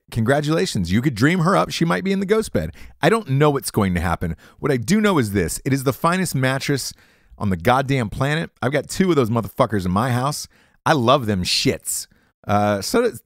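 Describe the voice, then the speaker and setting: A man's voice: medium pitch, no room sound, clean studio sound. A man hosting a podcast, reading sponsor ads as crude, rambling comic riffs full of swearing. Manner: profane, rambling, jokey riffs. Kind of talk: crude comedic ad read.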